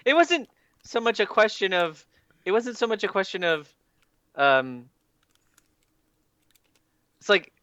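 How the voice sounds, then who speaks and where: A man with a high, bright voice talks slowly and hesitantly in casual chat. His sound is dry and a little dull, as if picked up by a lesser mic. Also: sing-song, clean tone, dry recording. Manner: hesitant, halting.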